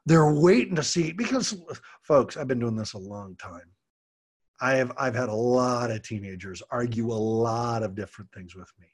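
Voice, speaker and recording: A husky middle-aged man talks earnestly through a podcast monologue and shifts his voice to act out kids and parents. His pitch sits in an ordinary male middle range. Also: expressive, normal speed. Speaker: podcast host, parenting coach and martial arts teacher.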